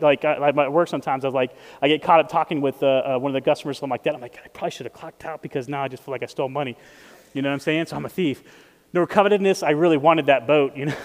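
Speaking in a voice that sits high, a pastor delivers a conversational sermon, frequently checking in with the audience. His voice trails off in a long reverb.

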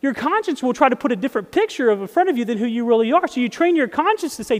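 A man's voice: very high voice, big pitch swings, racing, long reverb tail. A man preaching a sermon in a conversational way, often checking in with his listeners. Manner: conversational, asks the audience often. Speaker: pastor.

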